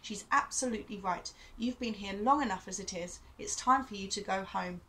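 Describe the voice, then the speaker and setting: A woman reading the part of a stern, weary father, speaking in a measured, grave way. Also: mid-range voice, bright, forceful tone, slight background noise, lightly acted, low-quality recording.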